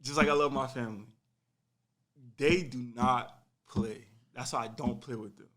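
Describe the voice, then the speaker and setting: A young man casually telling a personal story on a podcast, animated and full of slang, acting out what people said. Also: medium pitch, moderate pace. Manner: animated, slangy, acts out quotes.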